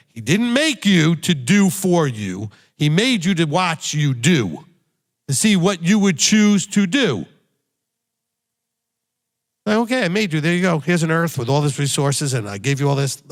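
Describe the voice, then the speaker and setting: A man, a rabbi, giving a sermon with blunt, emphatic exhortation and repeated key phrases. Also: fairly high pitch. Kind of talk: recorded sermon teaching.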